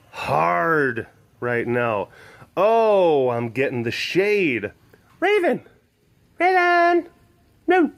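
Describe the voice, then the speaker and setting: A man's voice: mid-range voice, no room sound. A young man chatting upbeat and rambling as he walks around an outdoor big cat compound. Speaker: animal sanctuary vlogger. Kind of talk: casual walking vlog.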